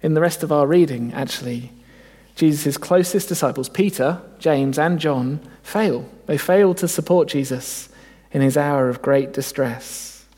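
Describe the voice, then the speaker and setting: A man's voice: on the high side, measured pace, darkish tone, slightly rough, long reverb tail. A man preaching a sermon, earnest and reflective, often asking his listeners rhetorical questions.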